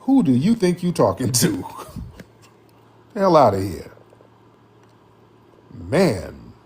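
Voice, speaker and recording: Husky man, emphatic slangy commentary host, lively up-and-down voice. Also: medium pitch, slow. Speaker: live-stream commentary host taking callers. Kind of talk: heated live-stream commentary.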